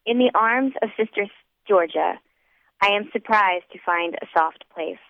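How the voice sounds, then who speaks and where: A woman tells a first-person story in a wry, measured audiobook reading. Her voice sits at an ordinary pitch. The recording is dry and tinny, like a phone line. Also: dry recording. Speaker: audiobook narrator.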